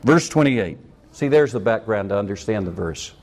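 A man's voice: on the low side, expressive, moderate pace, a little mellow. A man preaching a sermon, cracking jokes and acting out scenes in voices. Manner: jokey, acts out scenes in voices. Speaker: pastor.

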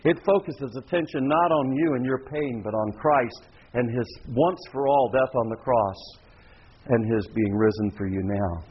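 A man preaching a sermon as pastor, dramatic, acting out pleading worshippers in a high, rising voice. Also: moderate pace, a little hiss or hum. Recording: dull lo-fi recording.

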